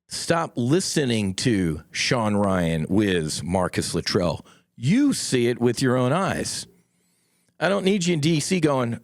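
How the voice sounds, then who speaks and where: A man's voice: medium pitch, very animated, slow pace, dry recording, studio quality. A middle-aged man hosting a solo podcast, talking in a blunt, impassioned way and swearing freely. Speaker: podcast host.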